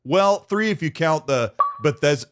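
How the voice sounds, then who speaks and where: A man's voice: on the high side, lively intonation, moderate pace, no room sound, studio quality. A man hosting a casual gaming podcast, reading out super chats and chatting with co-hosts, laughing easily.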